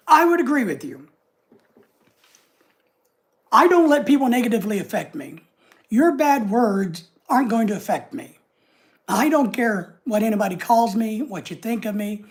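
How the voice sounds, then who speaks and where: American man, high-pitched voice, livestream host, casual chat, reads viewer comments aloud, home desk. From United States.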